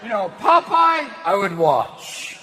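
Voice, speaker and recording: A manic male stand-up comic whose voice sits unusually high and leaps all over the place. He fires off bits and snaps into quick mimicry, recorded in a noisy live venue. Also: big pitch swings. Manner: manic, rapid-fire, mimicking. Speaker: comedian.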